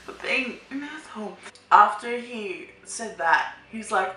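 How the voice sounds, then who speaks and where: A young woman tells a casual storytime to her vlog audience in an exasperated, animated way, laughing often. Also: medium pitch, unhurried. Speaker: vlogger. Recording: echoey room, voice somewhat off-mic, faint music.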